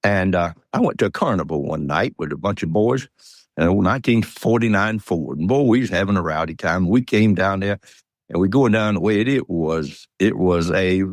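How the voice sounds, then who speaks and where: Folksy older Georgia man, low voice. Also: no echo, studio quality. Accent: Southern US, Georgia. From Georgia, USA. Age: 80s. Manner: folksy rambling storyteller, chuckles. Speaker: guest. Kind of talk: storytelling interview.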